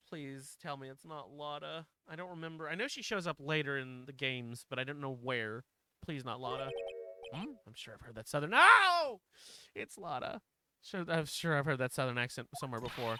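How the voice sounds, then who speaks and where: A man's voice: a little high, expressive, moderate pace, sharp tone, clean tone. A man streaming a story game, reading its text aloud with casual, swearing commentary.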